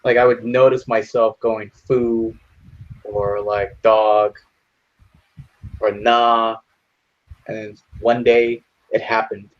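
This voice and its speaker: A man's voice: fairly low pitch, little pitch movement, slow pace, pauses often, lo-fi sound. A young man telling stories in casual voice chat, rambling and profane, full of like and you know. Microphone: headset in online game lobby.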